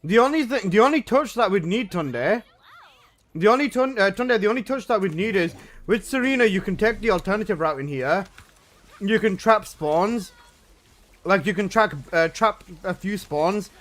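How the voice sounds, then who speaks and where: High-voiced excitable male game streamer. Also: moderate pace. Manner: loose, excitable gamer talk with slang. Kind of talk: casual live-stream chat.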